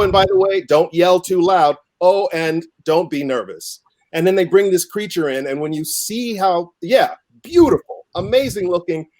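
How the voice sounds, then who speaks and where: A man's voice: on the high side, darkish tone. A man chatting as a guest on a comedy talk show, wry and building his stories to punchlines. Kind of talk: casual talk show chat.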